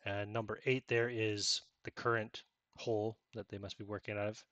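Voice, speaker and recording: A man's voice: fairly low pitch, flat delivery, moderate pace, a bit bright, muffled recording, slight background noise. A man narrating a tabletop game as game master, in a casual way with many fillers and self-corrections.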